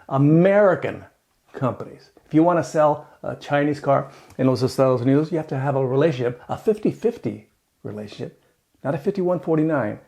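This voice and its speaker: A man's voice: a little high, vocal fry. A man hosting his channel, giving a casual, rambling opinion talk with jokes and asides. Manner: animated, joking, rambling with asides. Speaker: channel host.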